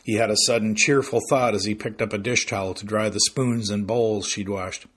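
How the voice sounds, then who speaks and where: A man reading a novel aloud as narrator in a dry, unhurried way. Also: fairly low pitch, fairly even intonation, fairly bright tone, breathy edge. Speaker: audiobook narrator. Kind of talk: scripted narration.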